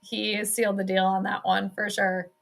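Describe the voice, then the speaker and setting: A woman's voice: medium pitch, flat delivery, normal speed, vocal fry. A young woman doing casual live play-by-play, chatting and reacting aloud to the games she watches. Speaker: sports streamer doing her own play-by-play.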